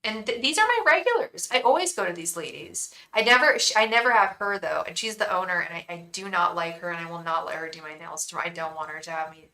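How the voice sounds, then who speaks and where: Woman tarot reader, rambling and chatty, crisp bright tone, talking straight to viewers on a livestream. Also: lowish voice, expressive, fast, few pauses, low-quality recording. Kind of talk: casual livestream chat.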